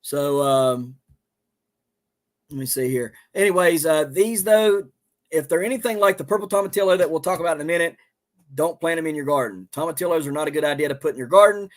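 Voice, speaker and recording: On his homestead livestream, a man with a Southern accent and a fairly high voice chats quite quickly. His talk is loose and folksy, wandering along with lots of ums and uhs.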